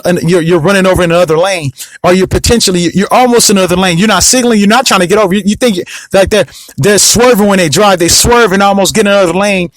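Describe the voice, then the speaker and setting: A man's voice: high voice, no echo, low-quality recording. A man hosting a podcast, talking in a rambling, emphatic monologue full of restarts and asides to the listener. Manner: rambling, repeats himself, lots of restarts; emphatic, asks the listener often. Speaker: podcast host. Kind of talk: casual monologue.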